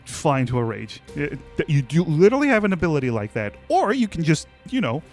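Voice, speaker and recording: A man narrating as game master in a relaxed, chatty way. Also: fairly high pitch, fast talker, soft background music. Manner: relaxed, chatty, many fillers and restarts.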